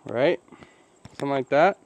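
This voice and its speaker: Building a deck outdoors, a DIY cabin builder chats casually to his viewers, joking and rambling. His mid-range voice moves at normal speed, and the audio sounds dull.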